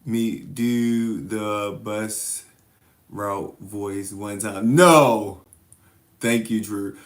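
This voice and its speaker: A man's voice: lowish voice, extremely slow. A man hosting a casual livestream, answering viewer comments, laughing often and teasing the commenters playfully. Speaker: livestream host.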